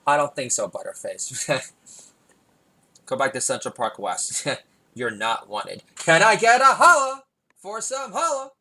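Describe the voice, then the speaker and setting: A man's voice: fairly low pitch, slow pace, long pauses, fairly bright tone, breathy edge, heavily acted. A man voicing a snooty male security guard who mockingly turns someone away in a comedy podcast. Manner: mocking, dismissive.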